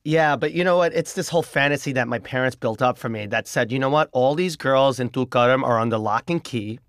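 A man in an interview, casually telling his own story in an animated, chatty way, with music playing underneath. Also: medium pitch, a little fast, dry recording, studio quality. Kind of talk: casual first-person storytelling.

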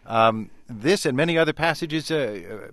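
A man's voice: fairly high pitch, animated, moderate pace, fairly bright tone, no echo. A man hosting a call-in radio show, asking questions hesitantly with many fillers. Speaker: radio host.

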